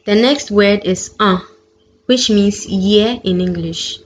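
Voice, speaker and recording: Slow, careful woman teaching French. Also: mid-range voice. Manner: clear, careful pronunciation of each example. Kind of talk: slow, deliberate lesson narration. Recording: dull lo-fi sound with faint background noise.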